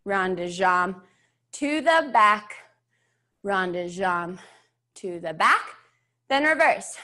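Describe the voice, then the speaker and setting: A young woman instructs an online beginner ballet class in a medium-pitched voice that is bright, forceful and expressive, taking things slowly. A little out of breath, she cues the steps, counts beats aloud and encouragingly checks in with "yeah?".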